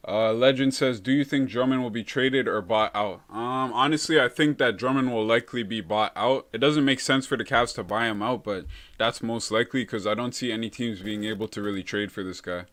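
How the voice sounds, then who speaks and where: A young man hosts a relaxed live stream, answering viewer comments in loose, easygoing chat. His pitch sits in a normal middle range for a man. He talks in a laid-back way and drops "bro" into almost every thought. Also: a little fast. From Canada.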